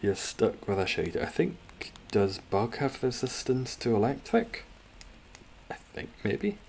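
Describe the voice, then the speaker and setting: A man's voice: medium pitch, very animated, a little slow, gravelly, a little mellow, slight background noise. A Scottish man chatting casually while streaming a game, rambling, joking and swearing as he reads out viewers' comments. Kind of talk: casual gaming stream chat.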